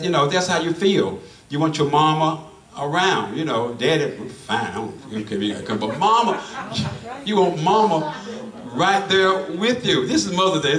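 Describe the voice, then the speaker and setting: A man's voice: fairly high pitch, bright, forceful tone, far from the mic. A middle-aged man preaching a sermon in a church, folksy and repetitive, often restarting his phrases. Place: church sanctuary. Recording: echoey church room from afar.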